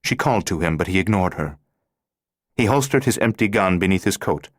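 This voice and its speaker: A man reading an audiobook thriller in a steady, measured scripted narration. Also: low voice, no room sound, studio quality.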